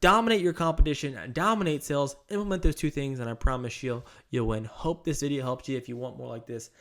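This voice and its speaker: A man's voice: medium pitch, quick pace, a bit bright. Emphatic male sales coach. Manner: emphatic, direct, motivational. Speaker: sales trainer and channel host. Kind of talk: coaching monologue to camera.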